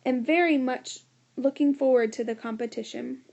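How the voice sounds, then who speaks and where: Doctor Reaper, woman voicing a scheming smooth talker. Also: sits high, moderate pace, a little mellow, dull audio. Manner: eager, firm, ingratiating. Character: scheming man, breathless and smooth-talking.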